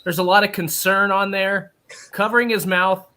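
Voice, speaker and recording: High, lively male guest, bright voice, mock play-by-play. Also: moderate pace. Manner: playful, laughing, narrating like a play-by-play caller. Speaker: radio guest.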